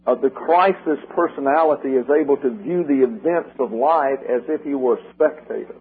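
An older man preaching a sermon, working through numbered points and repeating key slogans slowly and with emphasis, with a husky voice. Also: medium pitch. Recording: tinny lo-fi radio broadcast.

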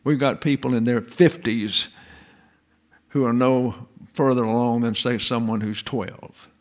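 A man's voice: mid-range voice, steady tone, unhurried. A man giving an informal lecture in a folksy, digressive way, full of rhetorical questions.

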